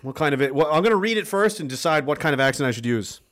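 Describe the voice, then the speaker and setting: A man's voice: on the high side, lively intonation, rapid-fire, fairly bright tone. Blunt, profane man ranting. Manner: blunt, swearing, impassioned with rhetorical questions. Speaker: livestream host reading chat. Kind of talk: profane political rant to viewers.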